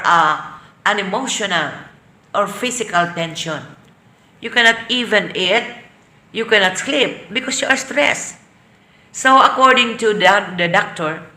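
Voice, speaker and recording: A woman with a Filipino accent teaching an online English class, defining terms slowly and then explaining them. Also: mid-range voice, pushed and bright, roomy sound. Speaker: lecturer.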